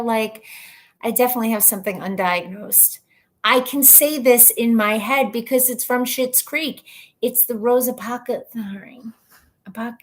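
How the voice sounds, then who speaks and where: With a fairly high, fairly bright voice, this woman in her thirties is the host of an informal live stream at home. She reads viewer comments out loud, rambling chattily and laughing at herself.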